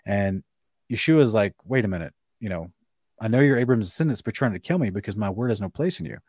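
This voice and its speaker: A man hosting a casual live-streamed discussion, reading scripture aloud in between quick restarts and short chuckles. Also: on the low side, lively intonation, darkish tone, no echo, clean studio sound. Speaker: host.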